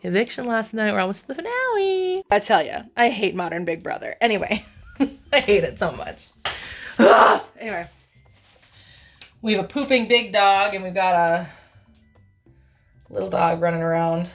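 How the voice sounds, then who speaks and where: A woman talking casually in a home vlog, chatty and offhand, now and then coaxing her dogs in a high voice. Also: lively intonation, moderate pace, pauses often, faint music behind. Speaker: vlogger and pet owner. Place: home, then car and vet office.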